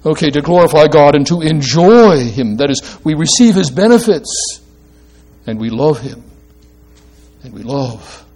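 A man's voice: on the high side, lively intonation, measured pace, a little mellow, slightly rough. A man preaching a sermon, emphatic and asking the congregation questions as he explains a passage. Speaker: pastor.

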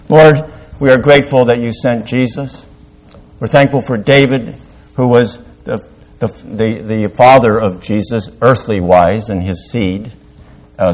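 An older man delivers a sermon as a pastor, sometimes halting. His voice climbs to loud, emphatic peaks and then sinks into quiet, confessional lows.

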